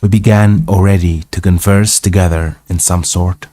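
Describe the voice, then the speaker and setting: A man's voice: sits low, fairly even intonation, moderate pace, warm tone, no room sound, clean studio sound. A man whose first language is Arabic hosts a live English reading stream, reading a classic novel aloud. He reads carefully, repeating phrases and sounding out difficult words.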